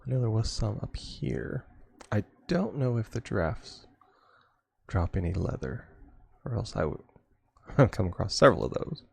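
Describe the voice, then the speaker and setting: A man's voice: lowish voice, lively intonation, normal speed, gravelly, darkish tone, husky. A man streaming a game, chatting casually and rambling with frequent chuckles. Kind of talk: casual gameplay chat.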